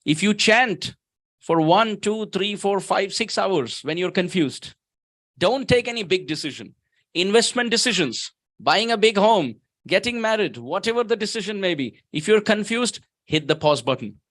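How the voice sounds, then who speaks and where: A man preaches at a temple in a high, ringing voice. He tells stories with emphasis and slows right down to chant verses. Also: lively intonation, fairly bright tone. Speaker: guest speaker at temple. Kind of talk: sermon.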